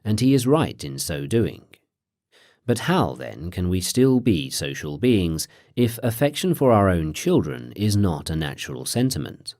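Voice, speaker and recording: A man narrating an audiobook of philosophy in a measured, expressive reading style. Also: low voice, no echo, studio quality.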